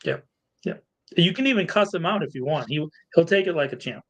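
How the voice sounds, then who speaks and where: Man, podcast co-host, casual, friendly, laughs often, slightly high voice. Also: animated, a little fast, a bit bright, poor audio. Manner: loose and friendly, laughs often, repeats himself.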